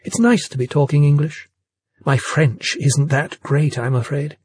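A soft-spoken, fragile woman in her forties, gentle and welcoming in a storybook reading, as a male narrator puts her on. The voice sits higher than his own and has a slight husk, recorded close and dry. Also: unhurried, breathy edge, dry recording. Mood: curious. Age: 40s. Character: fragile, hospitable middle-aged woman.

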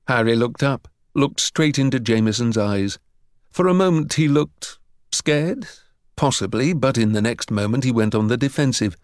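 A man narrating an audiobook in an expressive storytelling way. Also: medium pitch, normal speed, no echo, clean studio sound. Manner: expressive storytelling with voiced characters.

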